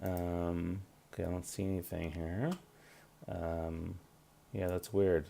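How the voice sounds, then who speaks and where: A man's voice: deep voice, level tone, takes it slowly, gravelly, warm tone, slight background noise. A man in his forties hosting a live career-advice stream, talking loosely with many fillers and restarts. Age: 40s. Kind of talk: casual live-stream talk.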